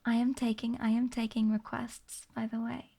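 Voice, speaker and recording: A woman streamer chatting in a soft, half-whispered ASMR voice, giggling often and sounding sleepy. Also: fairly high pitch, level tone, normal speed, creaky. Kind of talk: soft-spoken ASMR chat. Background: rain ambience.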